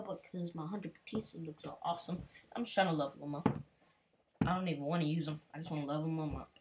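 A woman giving casual, rambling commentary while playing a game, humming and mumbling to herself and repeating words. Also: sits low. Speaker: gaming channel host.

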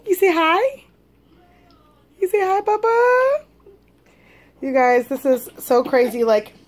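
A young woman vlogging at home with her twin toddlers at dinner, switching between chatting to viewers and sing-song baby talk to the boys. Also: sits high. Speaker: vlogger and mother of twins. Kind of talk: casual home vlog.

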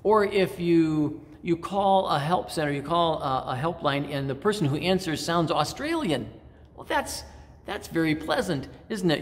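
Middle-aged pastor in a reverberant church. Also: male voice, a little high. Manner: measured, reflective, with frequent pauses and restarts. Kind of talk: sermon.

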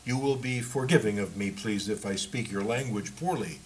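A man reading as a polite, halting emigrant. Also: lowish voice, a little hiss or hum, lightly acted, low-quality recording. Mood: hesitant, deferential. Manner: hesitant, overly polite, groping for words. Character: German Polish emigrant, deferential, halting.

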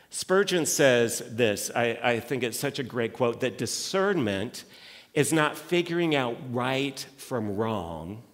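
A lead pastor with a mid-range voice preaches a sermon in a church sanctuary. He talks conversationally, dropping in quoted asides and often restarting, and the audio has a big-room sound.

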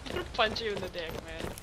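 A young woman streams a game and talks in a blunt, teasing, offhand way, with swearing dropped in casually. Her voice sits at a middle pitch for a woman. A clear hiss of background noise runs under the home mic. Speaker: streamer playing a video game. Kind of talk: casual gaming chat.

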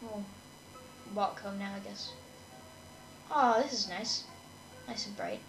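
A gamer talks casually through a video game in an echoey room with game music playing, reading along hesitantly and mumbling, trailing off with "I guess." Her medium-pitched voice swings widely in pitch and moves slowly.

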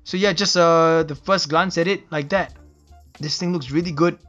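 A man's voice: on the high side, steady tone, moderate pace, a bit bright, muffled recording, soft background music. A man from Singapore with a Singaporean English accent, casually narrating an unboxing and reviewing details with enthusiastic, admiring exclamations. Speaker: knife reviewer.

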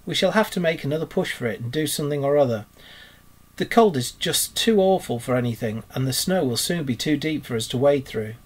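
A man reading aloud and voicing a kindly, practical male rat in a brisk, cheery, husky voice. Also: a little high, expressive. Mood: determined.

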